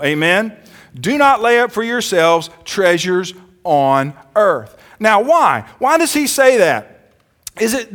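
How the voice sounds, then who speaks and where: Male pastor, sermon in church, high voice, asks the crowd for amens. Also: a bit bright. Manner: calls out for amens, slows down for emphasis.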